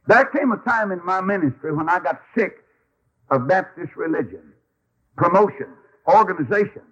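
Husky folksy preacher on old radio. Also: male voice, sits high, animated, moderate pace, fairly bright tone, lo-fi sound. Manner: folksy, emphatic, storytelling. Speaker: Baptist preacher. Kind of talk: sermon.

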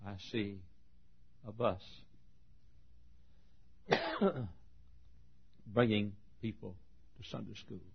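A middle-aged pastor preaching a sermon, moving from quiet storytelling to loud, shouted preaching. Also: male voice, on the low side, steady tone, drawn-out words, creaky, long pauses, breathy edge. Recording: dull lo-fi sermon recording.

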